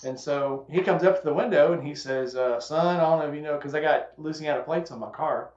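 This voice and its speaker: Man host, storyteller type, slightly raised pitch, echoey room with muffled audio. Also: brisk, darkish tone. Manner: drawling storyteller acting out quotes. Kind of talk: casual storytelling chat. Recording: echoey room, dull lo-fi sound.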